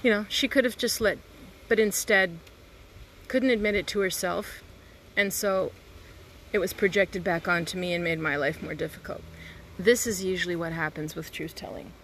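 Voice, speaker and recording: A woman's voice: lowish voice, fairly even intonation, normal speed, a bit bright, a little hiss or hum. A woman hosting a podcast, talking candidly and conversationally in a reflective monologue, with the odd mild swear word. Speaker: podcast host, reader.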